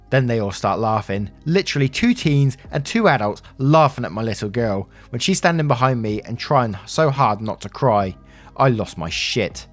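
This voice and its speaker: A man reading a first-person story aloud in a steady, earnest narrating manner. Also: mid-range voice, normal speed. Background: faint music.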